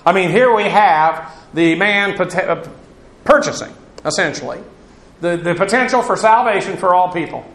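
A man's voice: sits high, lively intonation, moderate pace, a bit bright, reverberant. A man teaching through a Bible passage verse by verse, in a conversational, digressive way with asides on Greek grammar.

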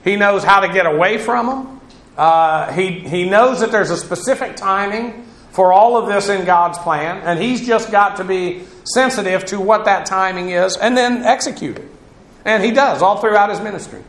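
A man's voice: sits high, moderate pace, fairly bright tone, reverberant. A man teaching through a Bible passage verse by verse, in a conversational, digressive way with asides on Greek grammar.

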